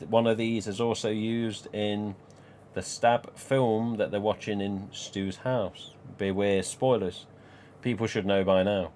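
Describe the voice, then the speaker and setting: A man's voice: fairly low pitch, steady tone, takes it slowly, hardly any pauses, darkish tone, slight background noise. A man hosting a live stream, talking casually in a chatty, rambling way with frequent chuckles. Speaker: live stream host and collector.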